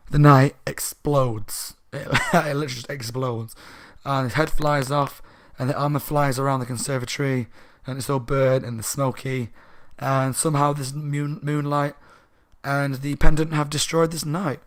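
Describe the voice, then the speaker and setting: A man's voice: mid-range voice, normal speed. Man with a sore throat retelling a story. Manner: rambling, animated, laughing asides. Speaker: book reviewer. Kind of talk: casual plot retelling.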